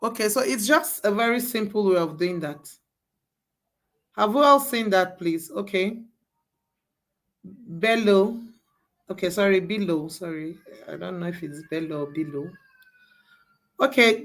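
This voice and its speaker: A woman's voice: medium pitch, animated, measured pace. A woman leading a live class, walking students through each step and repeating herself to coax them along. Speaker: bootcamp instructor.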